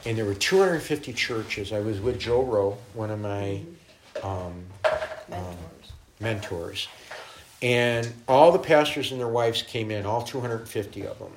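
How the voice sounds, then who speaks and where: A man's voice: fairly low pitch, creaky, slight background noise. A middle-aged man, a guest minister, telling stories in a casual interview, acting out quotes and laughing often. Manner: animated storyteller, voices quotes, laughs often.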